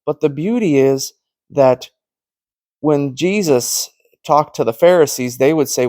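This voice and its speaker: Earnest preaching man, fairly high voice. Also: measured pace, darkish tone, no echo. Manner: storytelling that acts out quoted conversations; earnest, conversational. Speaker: Christian teacher. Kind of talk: informal preaching monologue.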